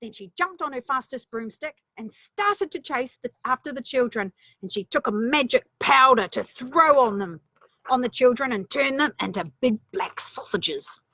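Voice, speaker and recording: A woman's voice: sits high, expressive, normal speed, sharp tone, no room sound. A woman reading a children's story aloud, playful, with chatty asides.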